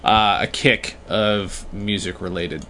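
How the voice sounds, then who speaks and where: A man's voice: fairly low pitch, steady tone, slow pace, pushed and bright. A man from New York co-hosting a casual chat, self-deprecating, laughing often and trailing off mid-sentence. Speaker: podcast co-host.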